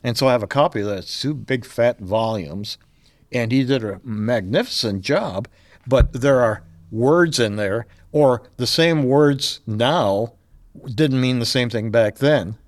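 A man's voice: medium pitch, unhurried, no room sound. An older man, a podcast guest, talking casually and telling stories with frequent chuckles. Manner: storytelling, chuckles often. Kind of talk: casual chat.

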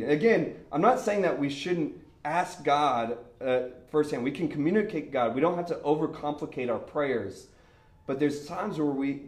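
A young man preaching in a casual storytelling way, animated and laughing as he acts out the people in his story. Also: on the high side. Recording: echoey room.

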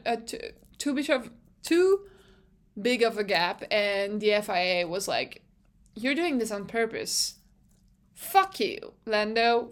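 A young woman with a slightly high voice hosts a casual podcast recap. She talks in an excitable, chatty way, swears freely and keeps restarting her sentences as her thoughts race ahead. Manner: self-interrupting, restarts phrases. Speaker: podcast host.

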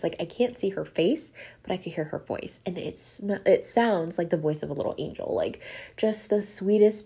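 A woman's voice: mid-range voice, warm tone, breathy edge. A woman hosting a podcast, telling a travel story in a chatty, casual way, full of "like" and laughter. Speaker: podcast host.

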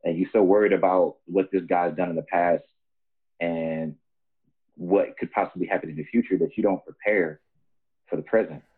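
Deep husky man on a tinny line. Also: moderate pace. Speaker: guest fighter. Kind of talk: casual podcast chat.

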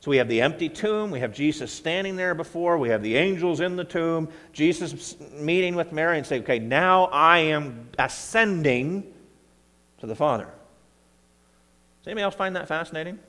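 Animated preacher in a reverberant church. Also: male voice, on the high side, fast. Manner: conversational, animated reading of scripture with bursts of emphasis. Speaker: pastor. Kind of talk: sermon. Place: church sanctuary.

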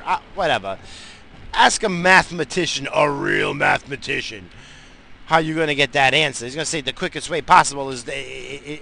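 Brief: New guy, dad, heated swear-heavy car rant, forceful bright tone, faint road hum. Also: a little high, low-quality recording. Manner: profane, blunt, heated. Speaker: father vlogging while driving. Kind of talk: rambling casual rant. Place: in a moving car.

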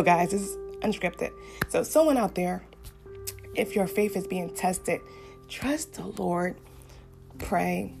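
A woman's voice: fairly low pitch, gravelly, darkish tone. A woman giving an earnest devotional message and a fervent prayer to her listeners. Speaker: faith speaker addressing listeners.

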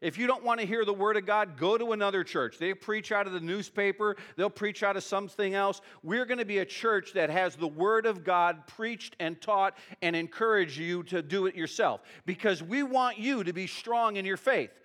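A man's voice: high-pitched, normal speed, few pauses, fairly bright tone. A middle-aged male pastor preaching a sermon in a conversational, emotional way, often adding "you know" and "okay".

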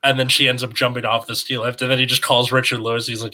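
A man's voice: medium pitch, little pitch movement, fast, bright, forceful tone, a little hiss or hum. A man co-hosting a podcast, retelling a TV episode in a loose, rambling way with lots of fillers. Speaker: podcast co-host. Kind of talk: casual chat.

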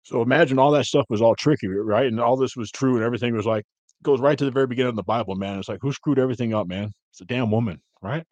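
A man hosting a casual podcast, rambling crudely with constant fillers and getting loud and high when worked up. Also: rapid-fire, no echo, highs cut off. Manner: rambling, heavy filler words like "man" and "you know". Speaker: podcast host. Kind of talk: casual ranting chat.

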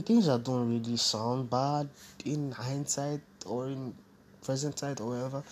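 Low-voiced man rambling through a story. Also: fairly bright tone, a little hiss or hum. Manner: rambling, self-correcting, candid. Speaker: podcast host. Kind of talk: casual solo storytelling.

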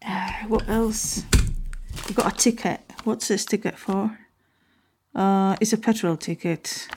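A woman's voice: medium pitch, measured pace, very noisy. A woman hosting a casual solo talk, rambling and often correcting herself.

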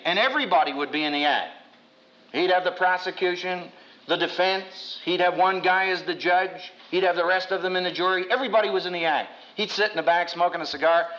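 Animated high-voiced preaching professor. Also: male voice, dull audio. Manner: animated storyteller who acts out quotes with big pitch jumps; wry humor. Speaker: seminary professor. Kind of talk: lively Bible teaching to an audience.

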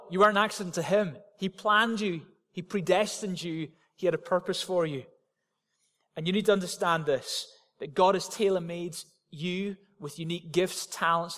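Preaching a sermon, this male pastor drives home his message through forceful, repetitive statements. He has a high-pitched voice for a man, echoing with the lengthy reverb of a big hall.

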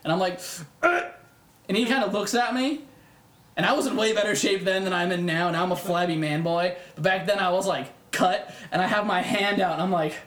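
Loud-mouthed young man telling stories. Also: high-pitched, a little fast. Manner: profane, animated, acts out quoted voices. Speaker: podcast co-host. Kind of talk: casual storytelling chat. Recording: echoey room.

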